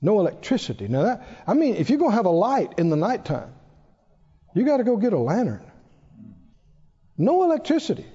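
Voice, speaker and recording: A male pastor delivers an emphatic sermon, his voice pitched high but dark and mellow in tone. He leans hard into key phrases. The recording sounds dull and lo-fi. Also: big pitch swings, fast, slightly rough.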